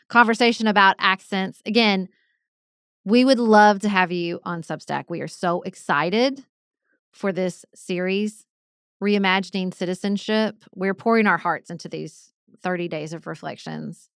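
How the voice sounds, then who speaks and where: A woman's voice: on the low side, normal speed, gravelly, dry recording, clean studio sound. A woman with a Southern US accent, co-hosting a casual podcast, chatty and enthusiastic. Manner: chatty, enthusiastic, says "y'all". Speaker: podcast co-host. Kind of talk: casual conversational podcast chat.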